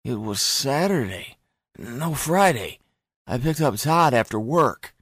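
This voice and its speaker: A man's voice: medium pitch, big pitch swings, takes it slowly, slightly rough, no room sound, studio quality, full character voice. A man voicing a tense male ex-Marine who gives hesitant, guarded answers under interrogation.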